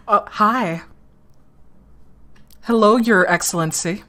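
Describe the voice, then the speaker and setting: A woman's voice: medium pitch, expressive, takes it slowly, pauses often. Laughing, swearing woman streamer. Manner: swears often and laughs a lot; reacts loudly to the game. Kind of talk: casual gaming commentary.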